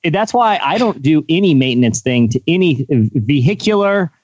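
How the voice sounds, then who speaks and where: A man's voice: on the high side, lively intonation, moderate pace, darkish tone, no echo, muffled recording. A man hosting a casual podcast, teasing a colleague and asking a guest questions. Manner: teasing, leads the conversation with questions. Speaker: podcast host.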